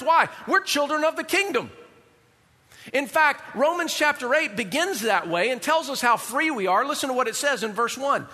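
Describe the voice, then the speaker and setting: High, bright-voiced preacher in a reverberant hall. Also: male voice. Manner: animated, rhetorical questions to the congregation. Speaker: pastor. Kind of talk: sermon.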